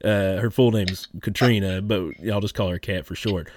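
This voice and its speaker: A man's voice: on the low side, fairly even intonation, normal speed, darkish tone, a little hiss or hum. A man hosting a podcast, telling stories in a laid-back way and laughing often. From Kentucky. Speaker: podcast host. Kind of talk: casual podcast chat.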